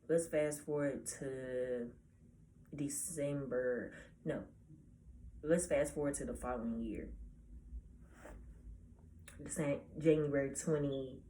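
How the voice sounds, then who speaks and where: A nineteen-year-old woman telling a personal story in a casual, halting way, often restarting her sentences. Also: low-pitched, dark tone, slight background noise. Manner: halting, hesitant, with many restarts; casual, informal speech. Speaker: vlogger.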